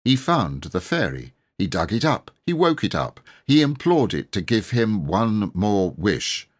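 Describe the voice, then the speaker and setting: A man narrating a classic children's book in an expressive storybook reading. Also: on the low side, a little slow, breathy edge. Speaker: audiobook reader.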